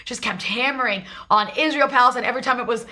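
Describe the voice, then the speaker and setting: A woman's voice: on the high side, quick pace, bright, forceful tone. A woman hosting a political talk show, delivering emphatic commentary in long run-on stretches. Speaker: show host.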